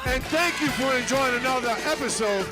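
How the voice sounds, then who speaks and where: Shouting, sing-song show host man. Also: extremely high pitch, fairly quick. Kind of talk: hyping the crowd over music. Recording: loud hip hop music behind.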